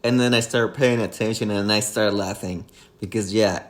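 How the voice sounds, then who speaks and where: A man's voice: on the low side, fairly even intonation, normal speed. A man co-hosting a casual film-review podcast, amused, laughing mid-sentence and restarting his thoughts. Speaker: podcast co-host.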